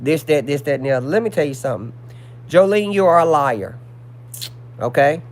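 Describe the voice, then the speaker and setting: A man with a high voice hosts a casual livestream, reading messages aloud to his viewers. He sounds indignant and speaks. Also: lively intonation, fairly quick. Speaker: livestream host.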